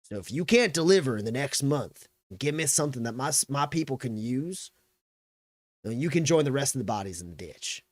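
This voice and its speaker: Man doing a loud, menacing military colonel. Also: medium pitch, lively intonation, fairly quick, dry recording, studio quality, close to an everyday voice. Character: stern, threatening male military colonel.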